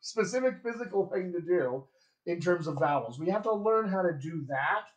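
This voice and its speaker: A man with a General American accent, a dialect coach giving a chatty live accent lesson and repeating sample words slowly. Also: sits high, lively intonation, echoey room, highs cut off.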